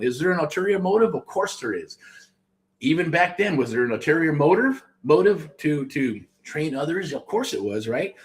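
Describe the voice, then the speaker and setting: A middle-aged man from the United States hosting a show, talking casually and pitching a program, rambling with restarts and frequent swearing. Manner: rambling, profane, self-interrupting. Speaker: host. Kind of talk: casual promotional talk.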